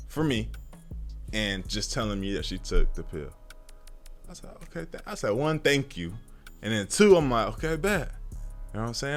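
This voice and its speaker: A man telling a personal story in a casual storytime monologue, profane and slangy, animated, with sudden hushed drops. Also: fairly low pitch.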